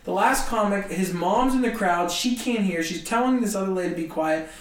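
A man, a comedian, telling a story in an animated, self-mocking way in conversation. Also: high voice, fairly quick, reverberant, distant mic. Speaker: comedian guest.

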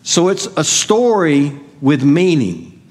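A man's voice: fairly high pitch, huge pitch swings, takes it slowly, a little mellow. A middle-aged man preaching a sermon as pastor, conversational and asking the congregation questions. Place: church sanctuary. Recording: long hall reverb.

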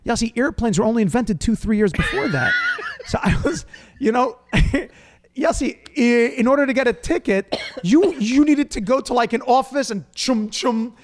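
Man from new york, high-pitched voice, lively storyteller, laughs a lot. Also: normal speed. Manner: animated, laughing, acts out other people's lines. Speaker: rabbi and podcast host. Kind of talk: storytelling in casual chat.

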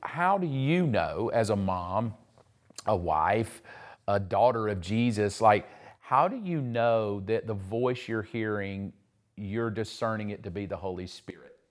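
A man's voice: fairly low pitch, lively intonation, a little slow. A man pastor preaching conversationally, acting out the voices of people he quotes. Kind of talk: sermon.

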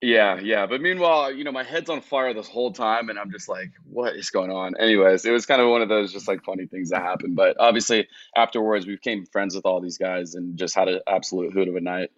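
Lowish voiced guy telling a story on a podcast, laughs a lot, dull lo-fi dry sound. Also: fast talker, hardly any pauses, dry recording. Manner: animated storyteller, laughs often. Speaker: guest.

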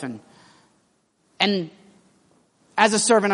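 A man preaching a sermon in a casual, animated storytelling manner, acting out his characters' lines, with lots of fillers and restarts. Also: high voice, moderate pace, long reverb tail.

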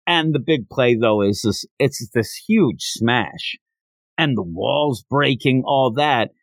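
A man's voice: mid-range voice, expressive, takes it slowly, no echo. A man hosting a podcast, casually retelling a manga chapter in a chatty storytelling way, acting out quotes. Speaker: podcast host.

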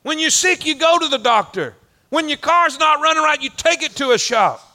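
High, bright preacher man. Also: expressive, moderate pace. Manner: folksy, rhythmic repetition, rising and falling emphasis. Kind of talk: sermon.

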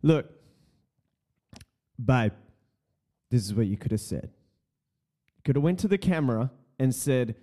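Laid-back, slow-talking male podcaster. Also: medium pitch. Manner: rambling and excitable, laughs often, slangy. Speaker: podcast host. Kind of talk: casual podcast chat.

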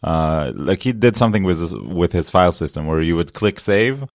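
A man's voice: low voice, expressive, normal speed, no room sound, clean studio sound. A man co-hosting a podcast, chatting in a loose, joking way full of fillers. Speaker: podcast co-host. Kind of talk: casual tech podcast chat.

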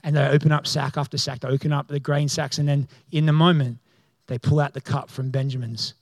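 A man, a pastor, preaching a sermon as a storyteller who acts out the people in the story and grows loud and excited. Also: a little high, brisk, dry recording.

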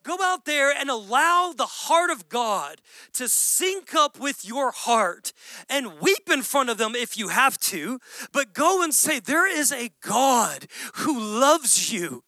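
A man's voice: very high voice, sing-song, slow pace, bright, forceful tone, dry recording. A man preaching a sermon, impassioned and pleading, in a dry close recording. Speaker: pastor.

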